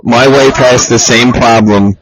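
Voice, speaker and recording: A man's voice: mid-range voice, measured pace, background noise. A man co-hosting a casual podcast, teasing his friends and swearing freely. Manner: profane, teasing, animated impressions. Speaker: podcast co-host. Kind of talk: casual chat.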